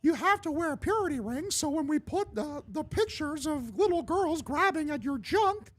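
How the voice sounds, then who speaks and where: A man putting on a squeaky cartoon mouse voice, playing a small male cartoon character who bullies people with high, mock-sweet threats. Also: big pitch swings, moderate pace. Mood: mock-sweet menace.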